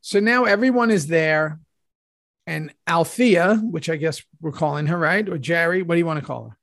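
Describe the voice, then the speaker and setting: A middle-aged man co-hosting a podcast, a relaxed, rambling storyteller who swears freely. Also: a little high, moderate pace, creaky. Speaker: podcast co-host. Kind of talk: casual chat.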